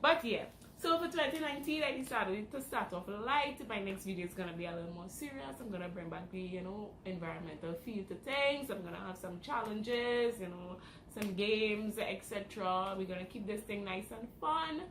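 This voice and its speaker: A woman's voice: medium pitch, moderate pace, few pauses. A young woman telling a dramatic story in a casual vlog. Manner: animated, dramatic retelling. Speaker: vlogger. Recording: roomy with faint background noise.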